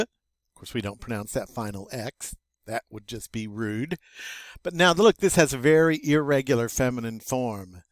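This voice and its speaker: An older man teaching a French vocabulary review, slow and patient, with wry self-deprecating asides. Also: mid-range voice, no room sound.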